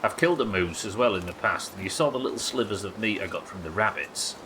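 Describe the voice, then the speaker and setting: A man's voice: lowish voice, quick pace, sharp tone, slight background noise, poor audio. A man from the United Kingdom chatting and joking casually while streaming a survival game, swearing now and then. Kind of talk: casual gameplay commentary.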